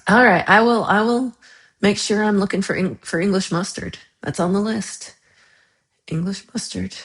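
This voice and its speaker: A woman hosting a casual livestream, chatting and reacting to viewer comments in a rambling way with frequent laughs. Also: mid-range voice. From United States. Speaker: livestream host.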